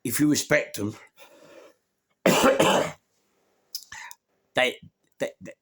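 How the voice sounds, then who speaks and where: A man's voice: mid-range voice, extremely slow, gravelly, a bit bright, slightly rough. A middle-aged man, telling a rambling, slangy anecdote and repeating himself as he goes. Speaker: storyteller.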